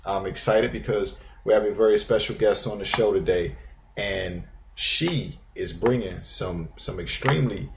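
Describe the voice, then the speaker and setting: A man's voice: on the low side, a little hiss or hum. A man hosting an internet radio talk show, chatting with a guest in a rambling way full of restarts and fillers. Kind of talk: casual interview.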